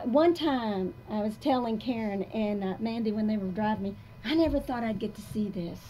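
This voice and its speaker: Older woman motivational speaker, higher-pitched, emphatic and confessional, faint room hum behind. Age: about 60. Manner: emphatic, confessional, swinging between soft and loud. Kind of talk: live motivational talk. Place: coffee shop audience talk.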